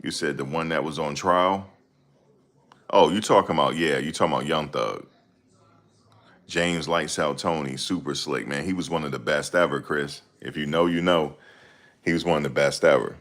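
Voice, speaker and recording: Man, very deep voice, casual slangy chat, rambling, answering comments. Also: moderate pace, fairly bright tone. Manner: rambling, slangy, laughs a lot. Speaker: host reading chat comments.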